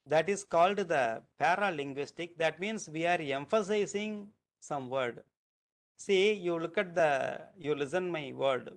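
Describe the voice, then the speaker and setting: A man's voice: fairly high pitch, a little slow. A man with a Tamil Nadu Indian English accent, giving a university lecture. He explains step by step, restarts sentences and repeats phrases to show how stress changes meaning. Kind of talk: recorded lecture.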